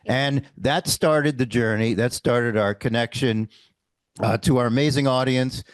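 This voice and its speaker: An older man, a guest on a talk show, telling how he began with halting restarts. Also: medium pitch, no echo. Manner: halting, with repeated starts. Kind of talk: casual interview talk.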